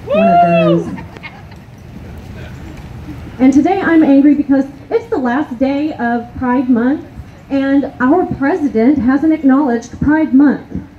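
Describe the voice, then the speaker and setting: A woman's voice: sits high, very animated, slow, long pauses. A woman from East Texas gives an impassioned, angry speech at an outdoor rally, hammering her points through repetition. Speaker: rally speaker. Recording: tinny, narrow, lo-fi sound with faint hiss.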